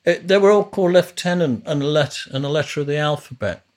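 A man with a slightly high voice speaks fast on his podcast. He rambles through casual stories of his early musician years, restarting often.

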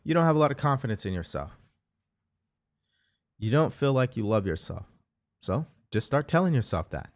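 A man's voice: medium pitch, sing-song, normal speed, pauses often, no room sound, studio quality. A man hosting a motivational live show, talking earnestly and repeating phrases as he coaches listeners. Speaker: host.

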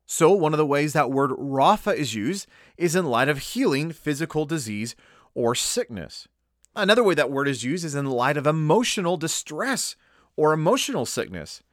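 A male preacher teaching in a sermon, his voice rising and falling with animated emphasis. He stretches out key words for weight, and the recording sounds close and dry, with no room around it. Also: a little high, normal speed, dry recording.

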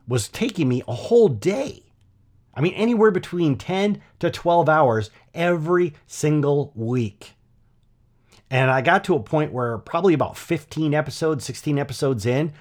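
A middle-aged man hosting his own podcast, telling a personal story in a chatty, animated way with lots of asides. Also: medium pitch. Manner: conversational, animated storytelling with frequent "you know" and "right?". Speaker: podcast host.

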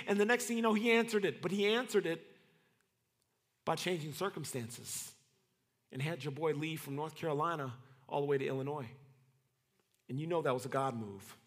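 A male pastor preaching a sermon in slangy, dramatic storytelling that swings from shouts to whispers. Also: a little high, lively intonation, brisk, long pauses, long reverb tail.

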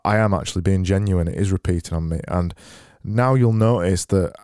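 Man, podcast host, deadpan self-mocking rambling, lowish voice, dry close boom mic. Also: brisk, smooth, no room sound. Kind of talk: comedic solo podcast monologue. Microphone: boom-arm podcast mic.

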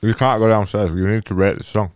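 A man co-hosting a podcast in casual chat, teasing and deadpan. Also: fairly low pitch, a little fast, smooth, no room sound, studio quality. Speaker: podcast co-host.

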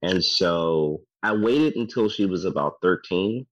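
A man's voice: low voice, lively intonation, measured pace, no room sound. A man talking candidly and with wry humour about being a divorced father, in a casual podcast chat. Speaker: divorced father sharing his story. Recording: slightly dull recording.

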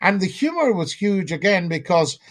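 A man's voice: high-pitched, sing-song, moderate pace. A man, a former radio phone-in host, telling stories and acting out his callers' voices. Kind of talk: interview anecdotes.

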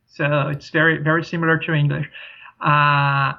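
A man's voice: a little high, little pitch movement, moderate pace, creaky. A man from Brazil with a Brazilian Portuguese accent, a podcast guest, talking in an easygoing way. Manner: easygoing, many fillers and restarts. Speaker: podcast guest, traveler and author. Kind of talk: casual interview talk. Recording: dull lo-fi sound.

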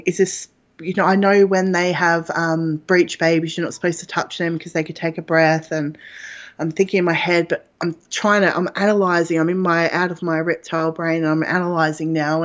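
A woman guest telling a personal story in a frank, chatty way, with plenty of fillers. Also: sits low. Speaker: interview guest. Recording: dull lo-fi audio.

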